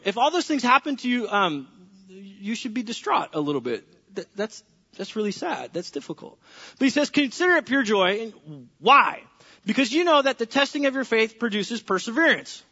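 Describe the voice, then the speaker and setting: A man's voice: sits high, pushed and bright. A pastor preaching a sermon to his congregation, acting out the voices of people praying and talking with the people in the room. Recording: echoey hall, dull lo-fi sound.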